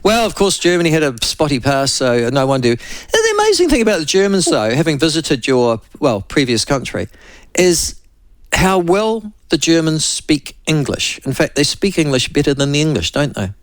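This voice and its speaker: A man's voice: a little high, big pitch swings, moderate pace, no echo. A man hosting a radio talk show, interviewing a guest in a loose, chatty way with fillers and restarts.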